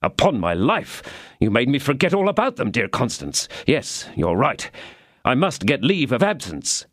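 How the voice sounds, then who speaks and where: A slightly raised, lively voice for a proud young swordsman, ardent and gallant, as a male narrator puts him on. He speaks in eager declarations with a sweeping pitch, in a dry, close recording. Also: normal speed, no room sound.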